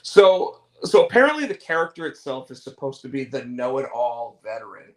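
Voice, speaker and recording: A man with a voice of ordinary pitch co-hosts a relaxed wrestling talk show. He speaks his mind with a dry, joking edge and answers his co-host in a loose, conversational way. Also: normal speed, poor audio. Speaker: podcast co-host. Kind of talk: casual wrestling chat.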